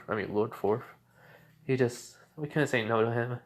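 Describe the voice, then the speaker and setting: A man's voice: mid-range voice, fairly even intonation, a little fast. Rambling young man retelling a story. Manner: rambling, many fillers and restarts. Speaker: fan storyteller.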